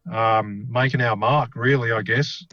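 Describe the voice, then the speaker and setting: A man's voice: medium pitch, steady tone, unhurried, a crowd in the background. A man chatting casually on a podcast, rambling and enthusiastic, swearing now and then. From Australia. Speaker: podcast co-host. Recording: dry, dull lo-fi podcast mic.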